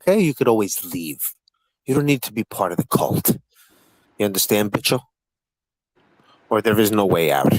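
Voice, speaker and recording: A man's voice: lowish voice, big pitch swings, normal speed, long pauses, dry recording, poor audio. A man hosting a livestream panel, talking in a profane, taunting and combative way. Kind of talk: heated livestream panel chat.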